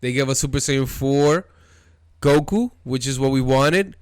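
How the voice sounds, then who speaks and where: A man hosting a casual anime commentary video, talking excitedly and loosely, calling viewers dude and bro. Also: mid-range voice, a little slow, clean tone, no room sound, studio quality. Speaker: video host.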